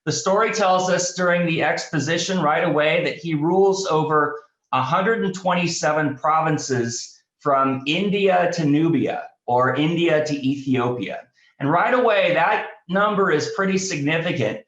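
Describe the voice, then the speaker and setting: A man, a pastor, leading a Bible study class in a casual teaching style, speaking haltingly with many fillers and restarts. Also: a little high, a bit bright, echoey room, lo-fi sound.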